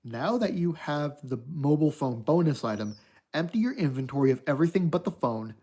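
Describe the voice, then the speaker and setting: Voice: medium pitch, mellow. A streamer reading a choose-your-path horror book aloud for viewers, then chatting to wrap up the stream.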